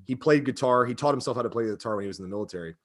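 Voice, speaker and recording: A man's voice: medium pitch, very fast. A man in his thirties talking casually and emotionally, with lots of fillers and rambling asides. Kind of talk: casual chat.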